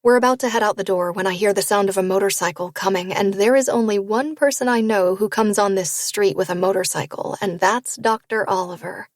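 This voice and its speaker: A woman's voice: mid-range voice, brisk, few pauses, dry recording, studio quality. A woman reading a first-person audiobook in a light, wry storytelling manner. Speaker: audiobook narrator.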